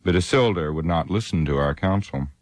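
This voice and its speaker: A man's voice: sits low, expressive, a little fast, no room sound. A man voicing a grave ancient elf lord. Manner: grave, solemn.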